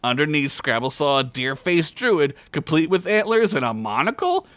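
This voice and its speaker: A man's voice: fairly high pitch, big pitch swings, normal speed, a bit bright, no echo. A man hosting a podcast, narrating a comedic story with crude, jokey asides.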